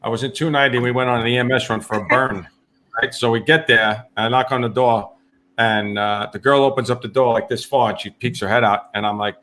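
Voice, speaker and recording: A man's voice: medium pitch, fairly even intonation, brisk, bright, forceful tone. Brief: New firefighter co-host, man, loose rambling story delivery. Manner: rambling, laughs mid-story, acts out quotes. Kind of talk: casual chat, storytelling.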